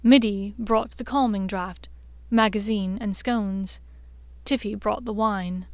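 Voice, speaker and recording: A woman's voice: medium pitch, fairly even intonation, slow pace, no echo. Dry, close-miked woman narrator. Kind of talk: fan-fiction audiobook narration.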